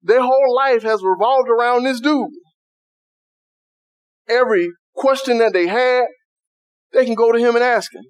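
Male preacher, high voice, dry close sound, plainspoken conversational delivery. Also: no echo. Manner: conversational preaching with Southern American vernacular. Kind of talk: sermon.

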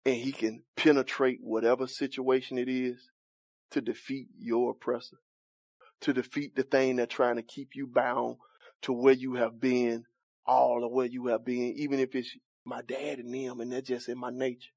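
A man's voice: mid-range voice, flat delivery, moderate pace, darkish tone, dry recording. A man preaching a sermon, questioning and bantering with his congregation in folksy church vernacular, often laughing.

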